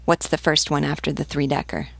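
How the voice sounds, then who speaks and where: A woman voicing a calculating male sea captain who asks measured, commanding questions. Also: low-pitched, little pitch movement, creaky, no echo. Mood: questioning.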